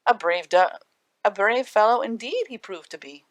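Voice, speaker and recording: A woman voicing a small, sly male leprechaun who speaks high and forceful. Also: animated, moderate pace, no room sound, lightly acted. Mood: pleading, scolding, sly.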